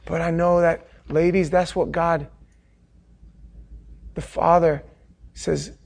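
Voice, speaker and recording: A middle-aged man preaching a sermon, swinging from hushed, tender passages to loud, fervent ones and acting out the quotes he tells. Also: fairly high pitch, normal speed. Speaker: pastor.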